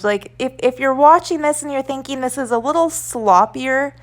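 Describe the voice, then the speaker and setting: A woman chats loosely through a voice-over while she draws, with a slightly high voice. She rambles along in a relaxed way and drops fillers often. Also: normal speed. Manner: chatty, rambling, with many fillers. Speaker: art vlogger. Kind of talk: casual voice-over narration while drawing.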